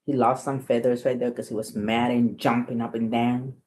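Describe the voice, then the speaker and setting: A woman's voice: rumbling low, little pitch movement, moderate pace, darkish tone. A woman reading a children's book aloud, chatting and explaining words and lessons to young listeners. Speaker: storytime reader.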